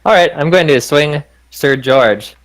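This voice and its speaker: A man's voice: on the high side, measured pace, poor audio. A man playing a tabletop game, casual and matter-of-fact. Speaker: player.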